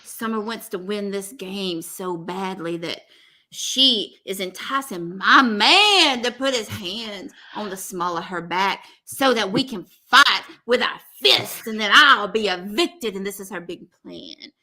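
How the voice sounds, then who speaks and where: Casting: woman doing a jealous young woman, put-on Georgia drawl, bright. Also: medium pitch, expressive, a little slow, heavily acted. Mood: indignant. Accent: put-on Georgia Southern.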